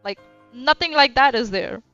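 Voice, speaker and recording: A woman with a bright, crisp, fairly high voice gives blunt, sarcastic reaction commentary on a stream. She swears freely. The audio is dull and lo-fi, with faint music underneath. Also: lively intonation, moderate pace.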